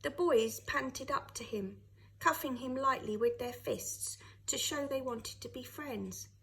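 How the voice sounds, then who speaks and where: A woman, a teacher, reading a children's novel aloud with expressive storytelling. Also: high voice, a little slow, poor audio.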